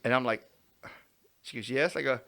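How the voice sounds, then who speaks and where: A man's voice: mid-range voice, normal speed, vocal fry, bright, forceful tone. A man telling a story on a casual podcast, acting out quotes and laughing often. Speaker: podcast co-host.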